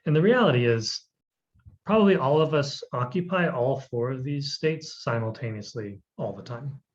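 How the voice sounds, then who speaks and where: A man's voice: mid-range voice, animated, moderate pace, lo-fi sound. A male instructor in a recorded course video, talking conversationally with frequent fillers and posing questions to the viewer. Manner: conversational, many "um"s, asks questions.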